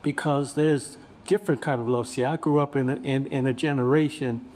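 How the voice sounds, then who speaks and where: A man in his seventies, a bishop on a panel, telling a story in an unhurried, reflective way. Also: medium pitch, fairly even intonation, darkish tone. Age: 70s. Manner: unhurried, reflective, acts out quoted voices.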